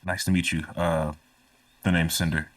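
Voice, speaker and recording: A man playing his character in a tabletop game, speaking slowly in and out of character. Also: low-pitched, level tone, distant mic, a crowd in the background. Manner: slow, laughing, in-character speech. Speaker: player.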